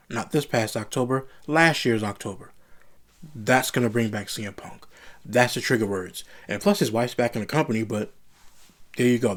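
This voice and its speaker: A man giving a casual solo review of a wrestling show, blunt and opinionated, circling back to his complaints. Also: mid-range voice. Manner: blunt, opinionated and repetitive, frustrated rants.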